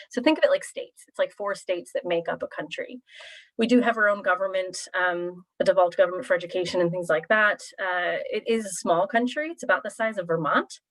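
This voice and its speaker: A woman from Pennsylvania in her thirties talks through an informal presentation over a video call. She speaks in a slightly low voice and stays chatty and relaxed, with plenty of fillers. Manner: chatty, friendly, lots of fillers. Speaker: university recruitment presenter.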